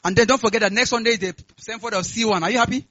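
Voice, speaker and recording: High bright-voiced fervent man preaching. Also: rapid-fire, highs cut off. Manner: call-and-response, asks "are we together?"; rising to loud fervent prayer. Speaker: pastor. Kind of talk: sermon with announcements and prayer. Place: church.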